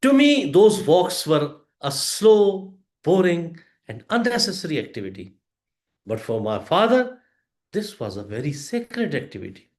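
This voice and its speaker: A man giving a prepared storytelling speech to a club audience, with a deliberate delivery, pauses and emphatic rises. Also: on the high side, very animated, darkish tone, roomy sound.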